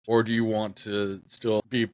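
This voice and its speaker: A man's voice: fairly low pitch, level tone, a little slow, darkish tone, no room sound. Rambling young man on a dry mic. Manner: rambling, many fillers and restarts. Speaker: podcast co-host. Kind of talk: casual podcast chat.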